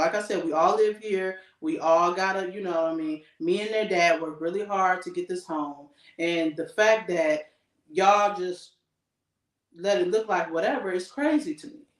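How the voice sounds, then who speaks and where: Animated woman storytelling in echoey room. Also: lowish voice, far from the mic. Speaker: podcast co-host. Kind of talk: casual podcast chat.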